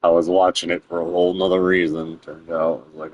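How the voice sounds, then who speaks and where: A man's voice: low-pitched, flat delivery, quick pace, a little hiss or hum, low-quality recording. A man streaming a game and chatting casually with his viewers, rambling and swearing freely. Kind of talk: casual gameplay stream chat.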